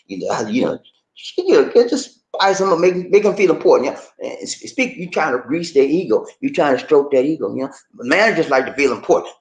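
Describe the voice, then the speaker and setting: A man giving casual money advice in an animated way, laughing often and acting out phone calls. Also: medium pitch, fairly quick, echoey room, rough recording. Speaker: personal finance vlogger.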